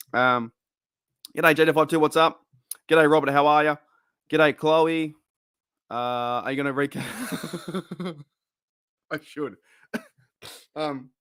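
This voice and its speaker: A young Australian man hosting a live-streamed fan show, chatting excitably and rambling with many restarts. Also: mid-range voice, dry recording, studio quality. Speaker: fan podcast host.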